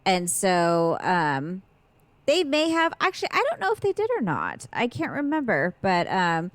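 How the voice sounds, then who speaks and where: A woman's voice: fairly low pitch, huge pitch swings, a little slow, no room sound. A middle-aged woman co-hosting a podcast, talking in a rambling, casual way about her family. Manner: rambling, with many fillers and reported speech. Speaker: podcast co-host. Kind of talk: casual chat.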